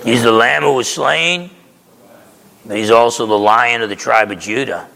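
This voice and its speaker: Gravelly-voiced man preaching in a hall. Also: medium pitch, normal speed, pushed and bright. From New Jersey, USA. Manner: conversational, emphatic, keeps asking "okay?". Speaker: pastor. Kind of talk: sermon. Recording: reverberant hall.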